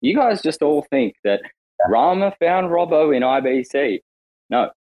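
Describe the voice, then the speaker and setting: A man's voice: sing-song, measured pace, muffled recording. A man in casual live chat from inside his house, teasing others and swearing playfully. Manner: teasing, playful, swears, jumps to high pitch when joking. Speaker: regular in the chat.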